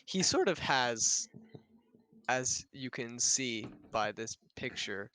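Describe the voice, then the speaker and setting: A man's voice: mid-range voice, lively intonation, takes it slowly, pushed and bright, a little hiss or hum. A man playing a tabletop game, describing his character's actions and often searching for words. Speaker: player. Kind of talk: casual game chat.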